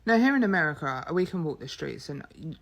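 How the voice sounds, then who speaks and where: A woman's voice: low voice, very animated, fast, vocal fry. An English mother with an English accent, talking to camera in an earnest, chatty way. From England. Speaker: mother and vlogger. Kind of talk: casual talk to camera.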